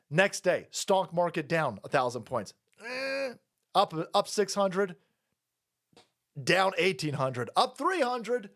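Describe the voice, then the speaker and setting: Male streamer, profane rapid-fire rant, high animated voice. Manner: profane, rapid-fire, combative, laughing asides; talks fast. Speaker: political commentary streamer. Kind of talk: profane ranting commentary.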